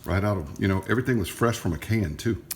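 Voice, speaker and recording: With a crowd audible in the background, a middle-aged man talks fast in a deep voice while grilling outdoors for his cooking vlog. He's folksy and casual, joking and chatting with his kids.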